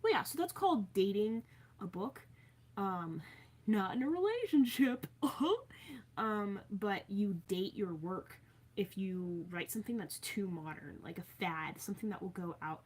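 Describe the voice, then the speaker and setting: A woman's voice: mid-range voice, lively intonation, moderate pace, slightly rough. A young woman chatting casually on a livestream from her bedroom, reading out viewer comments and rambling with frequent filler words.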